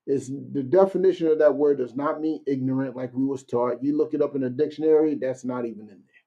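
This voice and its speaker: A man leading a casual streamed Bible class, talking conversationally and reading verses out slowly. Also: mid-range voice, lo-fi sound. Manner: conversational, keeps asking "you know what I'm saying"; reads verses slowly and deliberately.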